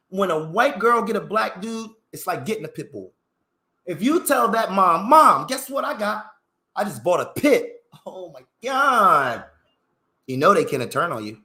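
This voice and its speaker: A man ranting in a rambling, profane vlog monologue, full of slang and rhetorical questions. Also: high voice. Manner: animated, swearing, heavy slang, rhetorical questions. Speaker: vlogger. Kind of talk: profane, rambling opinion rant. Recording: roomy echo.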